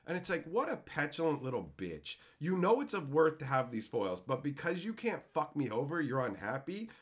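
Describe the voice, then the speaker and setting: A man's voice: on the high side, normal speed. A man streaming as he opens card packs, telling heated, profane stories in a casual way. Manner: animated, puts on voices for quotes. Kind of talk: casual storytelling.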